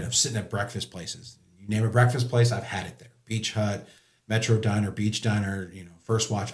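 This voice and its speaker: A man's voice: fairly low pitch, darkish tone, echoey room. A middle-aged man telling stories in an earnest, casual chat, often quoting what others said. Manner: earnest, storytelling with quoted dialogue; joking. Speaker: podcast guest.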